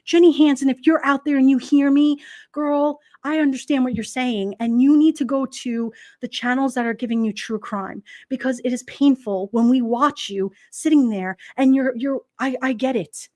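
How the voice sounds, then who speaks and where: A woman's voice: sits high, normal speed, darkish tone, no room sound. A woman streamer chatting casually on a livestream, reading out comments in a blunt, sassy, gossipy way.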